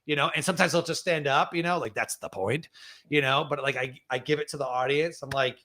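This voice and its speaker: Man, interview guest, energetic, acts out crowd moments, bright forceful tone. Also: medium pitch, quick pace, no echo. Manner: energetic, acts out audience scenes, says "like" a lot. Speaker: guest speaker. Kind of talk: casual interview storytelling.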